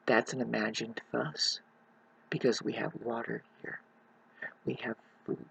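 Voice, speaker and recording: Husky-voiced vlogger, mid-pitched, intense and preachy in a dry close recording. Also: little pitch movement, a little slow, long pauses, a bit bright, poor audio. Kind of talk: rambling rant to camera. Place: rural mountain home.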